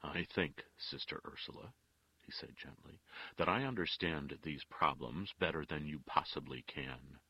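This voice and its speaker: A man's voice: rumbling low, a little slow, breathy edge, dry recording, lo-fi sound, heavily acted. An actor voicing a stern older male judge who speaks in an implacable, disagreeable way with a grating voice. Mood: curt. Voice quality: grating, harsh.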